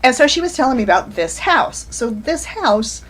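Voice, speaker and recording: A woman's voice: sits high, very animated, moderate pace, a bit bright. A woman in her forties, an author telling rambling anecdotes in a casual chat over a video call. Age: 40s. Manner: rambling anecdotal storyteller, frequent restarts and laughs. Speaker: author guest.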